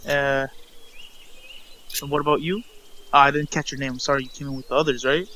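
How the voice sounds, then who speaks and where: A man doing a hurried friendly barmaid. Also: medium pitch, little pitch movement, sharp tone, natural voice. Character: busy, friendly tavern barmaid woman.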